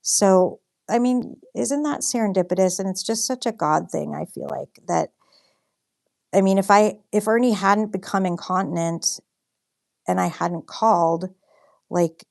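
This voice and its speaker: A woman's voice: medium pitch, unhurried, creaky, darkish tone. A young woman chatting casually on a livestream while she paints, telling a story with lots of fillers and reading out viewer comments. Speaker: livestream host and artist.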